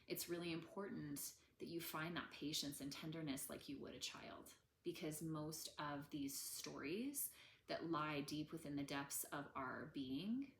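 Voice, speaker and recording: Low-voiced woman in her thirties. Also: roomy sound, a little hiss or hum. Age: 30s. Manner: gentle, conversational, many fillers. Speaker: trauma healing teacher. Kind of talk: casual teaching talk.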